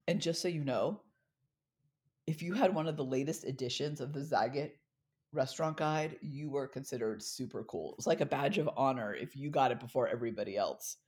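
A middle-aged woman telling a personal story in a talk, expressive and acting out the dialogue she recalls. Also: low voice. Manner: expressive, acts out quoted dialogue. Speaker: speaker.

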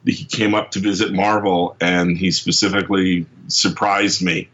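A man from England, a comic book writer telling rambling, excitable anecdotes as an interview guest, full of restarts, in a muffled lo-fi recording. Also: sits low, moderate pace, slightly rough. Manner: rambling, excitable, many restarts and fillers, acts out quotes.

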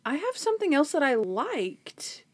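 A woman's voice: high voice, moderate pace. Chatty woman retelling tv scenes. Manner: animated, retells scenes by quoting characters. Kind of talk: casual chat recapping a TV episode.

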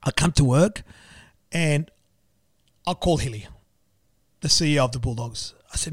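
An Australian man, a business owner, telling a story in an animated, repetitive way and acting out the dialogue. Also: a little high, moderate pace, pauses often, husky, no room sound, studio quality. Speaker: business owner and club sponsor. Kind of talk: storytelling in conversation.

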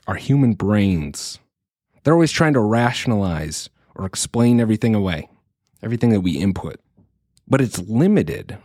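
Low-voiced man musing in a dry room. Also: very animated, moderate pace, dark tone, no room sound. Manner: earnest, thinking aloud with restarts. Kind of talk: reflective solo monologue.

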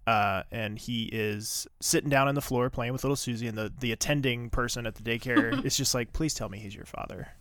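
A man co-hosting a podcast who recaps a TV episode in animated, profane chat and acts out quotes with laughs. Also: mid-range voice, brisk, hardly any pauses, clear, resonant tone, no room sound, clean studio sound. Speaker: podcast co-host.

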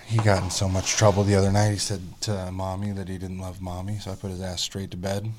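A man in his thirties chatting casually as a podcast guest, telling family stories animatedly, swearing freely and mimicking squeaky kid voices. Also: level tone, quick pace, a little mellow, slight background noise. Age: 30s. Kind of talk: casual chat.

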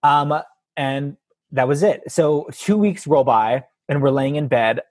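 A man with a husky voice, a guest telling an animated story in casual chat and acting out the quotes. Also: fairly high pitch, unhurried, no echo.

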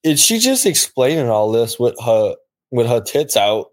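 A man with an ordinary mid-pitched voice rambles through a show recap in casual chat. He stumbles over his words and hunts for the next beat, speaking loosely and bluntly. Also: very animated. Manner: rambling, halting, frequent laughs, profanity. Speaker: podcast co-host.

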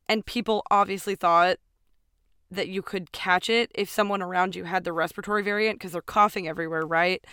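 A woman's voice: mid-range voice, fairly bright tone, clear, resonant tone, no echo, studio quality. A woman co-hosting a casual history podcast, explaining with playful, sarcastic asides and laughter. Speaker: podcast co-host.

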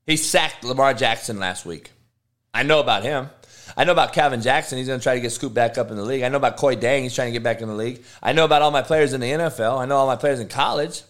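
A man, a football coach on a livestream, answering chat with profane, confrontational rants that swing from low mutters to loud, high tirades. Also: fast. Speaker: football coach streaming live.

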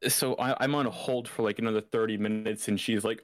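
Low-voiced man telling a story. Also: a little fast, dry recording. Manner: animated storyteller, acts out quoted dialogue. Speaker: podcast co-host. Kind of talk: casual chat.

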